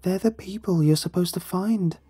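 A man's voice: sits high, moderate pace, dark tone, slightly rough, pitched above the performer's own voice. A man voicing a frightened young boy who pleads for help in a horror story. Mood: urgent. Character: frightened young boy trapped among suffering voices. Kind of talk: scripted horror narration.

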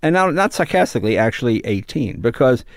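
An older man who works as a stand-up comic spins loose, rambling anecdotes, his pitch swinging widely as he jumps into quick impressions. He sounds mid-pitched and close, with the dry, dead sound of a small treated studio. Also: dry recording. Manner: rambling storyteller, slips into animated impressions. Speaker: stand-up comedian guest. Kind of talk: casual interview chat.

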